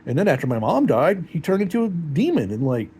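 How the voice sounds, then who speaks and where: A heartbroken man talking in a rambling, halting, emotional way in a personal confessional vlog. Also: on the high side, sing-song, darkish tone, a little hiss or hum.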